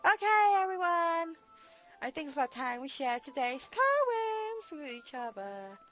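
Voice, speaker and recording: A woman voicing a cheerful, confident teenage girl who leads a club, upbeat and bright. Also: very high voice, sing-song, a little slow, soft background music, pitched above the performer's own voice, full character voice.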